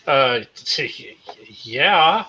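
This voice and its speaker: A man's voice: on the high side, expressive, drawn-out words, breathy edge. A man playing a tabletop game, casual and hesitant with fillers. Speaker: player. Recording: dull lo-fi sound.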